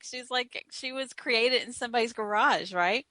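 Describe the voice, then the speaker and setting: A woman's voice: a little high, normal speed, sharp tone, dry recording. A Southern woman co-hosting a podcast, chatty and opinionated, often laughing. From American South. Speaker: podcast co-host. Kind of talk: casual chat.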